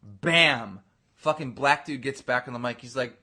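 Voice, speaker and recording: A man hosting a podcast, telling a story in casual, profane chat, acting out other people's voices loudly. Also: medium pitch, unhurried. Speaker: podcast host.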